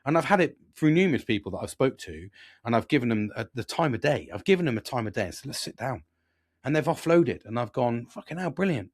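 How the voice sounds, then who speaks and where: An earnest British man in his forties speaks in a reflective podcast monologue, swearing freely and circling back on himself with restarts. His voice sits at an ordinary pitch for a man. The recording is dry, with no room sound. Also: animated, fast, no room sound. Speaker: podcast host.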